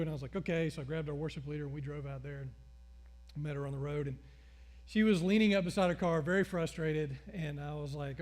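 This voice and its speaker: A middle-aged male pastor preaching a sermon, telling stories with acted-out dialogue in an animated way. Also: fairly high pitch, quick pace.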